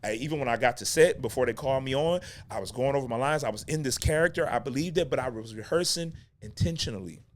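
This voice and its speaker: A man's voice: medium pitch, fast talker, hardly any pauses, slight background noise. A middle-aged man hosting a talk show for actors, ranting with emphatic repeats and casual slang. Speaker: acting coach and podcast host. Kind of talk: unscripted talk-show rant.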